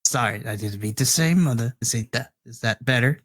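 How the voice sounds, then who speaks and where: A gentle, fatherly priest who leads a scout troop, as a man plays him in a tabletop role-play. He is soft-spoken and apologetic, and the sound is dry and close. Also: medium pitch, brisk, no room sound.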